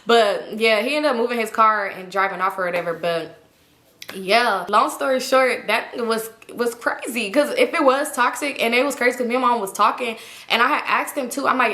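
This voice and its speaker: A young woman in her twenties tells a storytime vlog in a casual, slangy, animated way. Her voice sits a little high and very bright, with an echo from the room. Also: moderate pace. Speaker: vlogger. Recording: echoey room.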